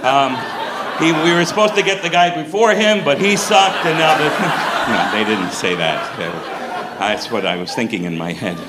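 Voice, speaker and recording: A middle-aged male stand-up comedian telling a story on stage, animated and profane. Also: on the high side, moderate pace, over a noisy crowd, very noisy.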